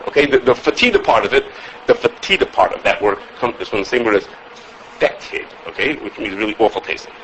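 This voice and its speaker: Guy teaching a class, quick and lively, lots of "okay?", bit of background hiss. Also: medium pitch, highs cut off. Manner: animated, repeats words, asks "okay?" often. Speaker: Torah teacher. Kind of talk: halacha class lecture.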